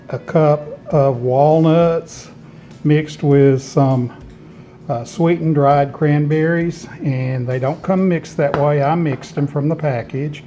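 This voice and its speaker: A man's voice: on the high side, mellow. A man hosting a home gardening channel, chatting in a folksy, homespun way while he shows food he made in his home kitchen. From Tennessee, USA. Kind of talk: casual food demonstration.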